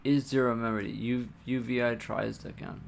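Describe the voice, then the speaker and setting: A man's voice: medium pitch, fairly even intonation, moderate pace, creaky, noisy background. A man live-streaming his game engine coding, thinking aloud, muttering to himself and swearing casually.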